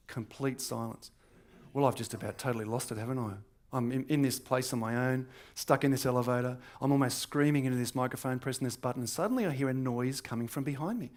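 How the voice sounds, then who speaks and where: A middle-aged Australian man, a stand-up comedian, telling a true funny story in a lively, animated way. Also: medium pitch, fast talker. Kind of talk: comic storytelling.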